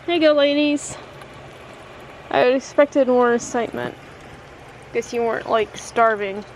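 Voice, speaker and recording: A woman's voice: a little high, a little hiss or hum, poor audio. A woman vlogging casually at home into her camera, rambling and candid, sometimes cooing to her cats. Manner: rambling, candid, slow and tired. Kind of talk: casual vlog chat. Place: at home, indoors. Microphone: handheld vlogging camera mic.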